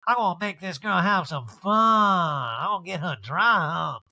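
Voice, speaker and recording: A man doing a slow, deadpan impression of a blunt, brassy woman reality star who swears. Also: sits high, pitched above the performer's own voice, full character voice.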